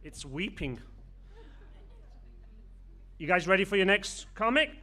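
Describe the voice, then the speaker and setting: A man with a high, bright, sharp voice hosts a comedy club night. He speaks into a handheld stage mic. His delivery is wry and teasing as he brings up the next act. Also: lively intonation, a little slow. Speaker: comedy show host. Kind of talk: introducing comics.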